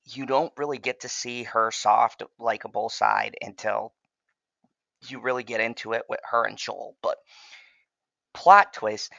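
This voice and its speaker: A man's voice: medium pitch, fairly even intonation, unhurried, gravelly, bright, forceful tone, no room sound, lo-fi sound. A man hosting his own channel, giving a casual spoken TV review in a profane, emphatic and passionate way. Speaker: TV show reviewer and channel host.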